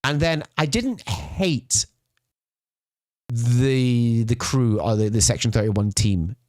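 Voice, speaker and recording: A man's voice: medium pitch, takes it slowly, a little mellow, no room sound, studio quality. A man co-hosting a podcast in casual chat, ranting and repeating his words as he goes. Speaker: podcast co-host. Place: podcast studio.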